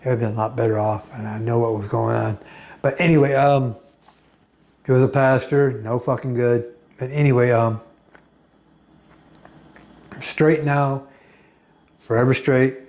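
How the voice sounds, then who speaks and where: A middle-aged American man in a rambling personal monologue, blunt and profane, pausing often with fillers. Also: mid-range voice, little pitch movement, a little mellow. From United States. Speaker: vlogger.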